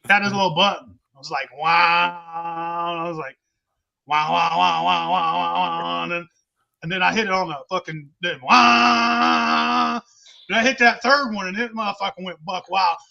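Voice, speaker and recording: A man's voice: sits high, moderate pace, vocal fry, pushed and bright, muffled recording. A man telling crude, boisterous stories in a casual podcast chat.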